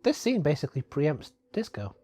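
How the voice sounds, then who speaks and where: A man's voice: fairly high pitch, wildly swooping pitch, moderate pace, mellow, breathy edge, no room sound. A young man co-hosting a casual, comedic film commentary, joking and laughing often. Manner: jokey, laughs often, does silly quoted lines.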